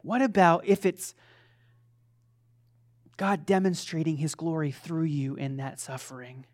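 A man's voice: fairly high pitch, fairly even intonation, measured pace, darkish tone. Conversational male pastor preaching. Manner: conversational, self-deprecating, with frequent restarts; asks the congregation questions. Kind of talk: sermon.

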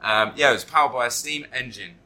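A man hosts a podcast, rambling and joking casually and swearing often. He's a fast talker with a medium pitch and a pushed, bright voice, and the recording quality is low.

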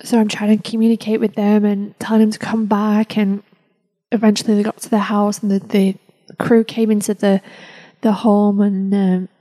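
A woman podcast host telling a personal story in an emotional, halting way, with many restarts. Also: medium pitch, level tone, warm tone, low-quality recording.

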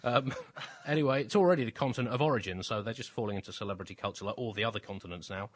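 A man's voice: lowish voice, fast. A man co-hosting a satirical comedy chat, with dry, wry asides. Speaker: podcast co-host.

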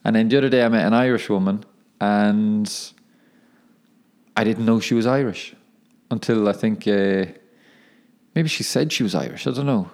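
A young man who plays football professionally hosts his podcast alone, chatting in a rambling, self-correcting way and laughing at himself. His lowish voice is a little mellow, at a moderate pace with long pauses.

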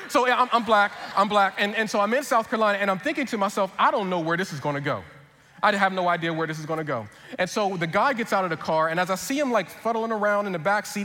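A man preaching a sermon as pastor, telling a personal story in an animated way with quick repeats, then turning earnest. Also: high-pitched, in a large hall.

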